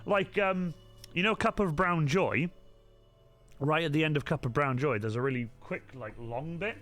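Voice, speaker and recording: A man's voice: on the high side, normal speed, fairly bright tone, soft background music. A man chatting casually to viewers on a live stream, hesitant and rambling, full of restarts and ums.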